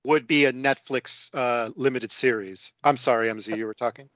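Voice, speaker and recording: A man's voice: medium pitch, fairly even intonation, moderate pace, a bit bright, dry recording, dull audio. Chatty man rambling through a story. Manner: rambling storytelling with many fillers. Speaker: guest film discussant. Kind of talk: casual podcast film chat.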